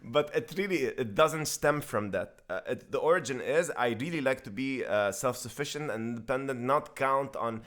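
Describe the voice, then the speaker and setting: A man co-hosting a casual podcast chat, talking in an animated and joking way. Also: mid-range voice, moderate pace, hardly any pauses. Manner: animated and joking, with frequent laughs.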